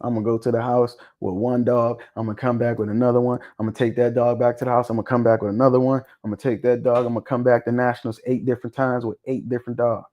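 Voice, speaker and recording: A man's voice: mid-range voice, muffled recording. Chill guy hosting a stream, joking around, swearing, laughing a lot, medium voice. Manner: loose, joking, profane, laughs often. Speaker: livestream host. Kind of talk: casual livestream chat.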